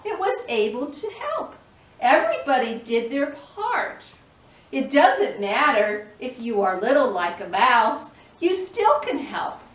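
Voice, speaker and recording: A woman telling a storytime tale to toddlers, an expressive storyteller who makes the animal noises herself. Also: fairly high pitch. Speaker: children's librarian. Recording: echoey room, mic at a distance.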